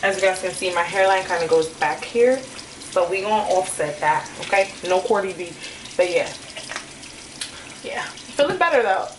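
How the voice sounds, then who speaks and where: A woman's voice: fairly low pitch, expressive, normal speed, distant mic, noisy background. Chatty young woman in echoey room. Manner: candid, chatty, peppered with "like". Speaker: hairstylist and vlogger. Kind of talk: casual chat to camera. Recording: roomy echo, faint music.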